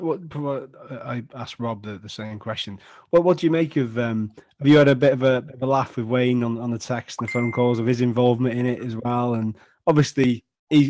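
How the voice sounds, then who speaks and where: A man hosting a casual chat, asking questions with many halting restarts. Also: medium pitch, darkish tone, no echo. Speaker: host.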